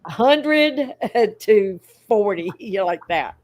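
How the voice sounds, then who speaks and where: A woman's voice: mid-range voice, animated, slow, a little mellow. Woman, co-host, easygoing, casual chat. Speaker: co-host of a fish-keeping livestream.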